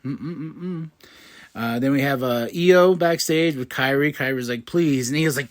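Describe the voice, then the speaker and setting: Man, podcast host, casual recap, excitable, laughs often, slightly high voice. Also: measured pace. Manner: excitable, laughs a lot, acts out quotes.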